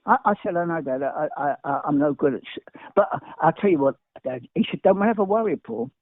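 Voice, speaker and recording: Older english guy talking super fast, keeps restarting, kinda high voice, dry phone-ish sound. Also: animated, creaky, no echo. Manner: talks very fast, jumps between stories, stumbles and restarts. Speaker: guest. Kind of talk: animated anecdotal storytelling. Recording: dry, tinny phone-like line.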